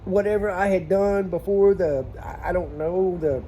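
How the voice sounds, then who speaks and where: Cussing plumber, dark voice. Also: male voice, high-pitched, normal speed, a little hiss or hum. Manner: animated, swears freely, says y'all. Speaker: plumber telling a work story. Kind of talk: casual storytelling vlog.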